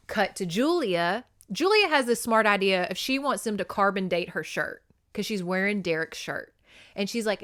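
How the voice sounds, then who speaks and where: Excitable, profane woman podcast host. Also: mid-range voice, a little fast, no echo, clean studio sound. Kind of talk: casual book recap with read-aloud passages.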